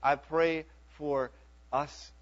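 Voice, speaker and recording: A man's voice: a little high, steady tone, extremely slow, muffled recording. A middle-aged man preaching a sermon in a conversational way, often checking in with his listeners. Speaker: pastor.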